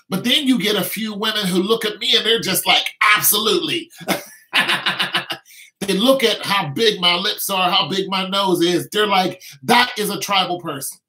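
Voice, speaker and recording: A man's voice: high-pitched, bright, forceful tone, poor audio. A man from the United States talking in an emphatic, rambling way, with many restarts and "you know what I'm saying" asides. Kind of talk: casual opinionated talk.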